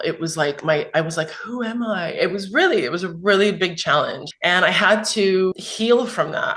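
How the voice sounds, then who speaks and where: A woman's voice: lowish voice, fairly bright tone. A woman telling her personal story as a podcast guest, speaking earnestly and from the heart, often restarting her sentences.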